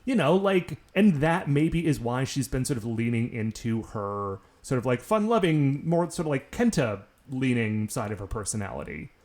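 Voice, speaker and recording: A man's voice: mid-range voice, very animated, moderate pace, few pauses, darkish tone. A man co-hosting a podcast in casual chat, rambling with lots of filler words. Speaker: podcast co-host.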